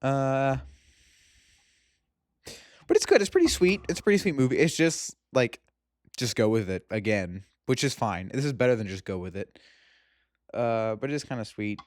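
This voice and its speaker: A man's voice: mid-range voice, lively intonation, moderate pace, long pauses, darkish tone, no room sound, clean studio sound. A young man in casual chat about movies, rambling and laughing, often breaking off mid-sentence. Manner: rambling, laughing, self-interrupting. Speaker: movie review youtuber.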